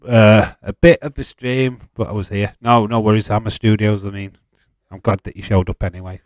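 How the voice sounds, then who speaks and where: A man's voice: fairly low pitch, steady tone, a little fast, no room sound. Laid-back Yorkshire man streaming. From England. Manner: chatty and laid-back, chuckling often, light swearing. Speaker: livestream host. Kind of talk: casual live-stream chat, reading out viewer comments.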